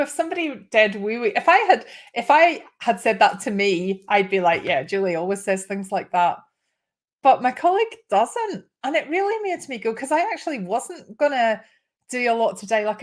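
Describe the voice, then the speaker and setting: A woman in her fifties hosting a live show, chatting casually and getting emotional, with restarts and small laughs. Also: a little high. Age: 50s. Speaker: host.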